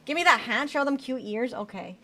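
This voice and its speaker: A woman streamer talks through her gameplay in casual commentary, reading chat aloud and answering it. Her voice sits a little high and bounces around a lot in pitch. A faint hiss sits under her desk-mic sound. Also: expressive, brisk, bright, forceful tone. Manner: chatty, reads out and answers chat, swears casually. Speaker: VTuber streamer.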